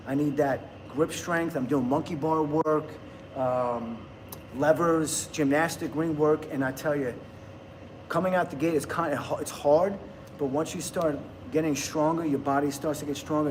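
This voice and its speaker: A man's voice: on the high side, darkish tone, slight background noise. A man in his fifties from the United States, chatting casually on a livestream and answering viewer comments in an upbeat way. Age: 50s.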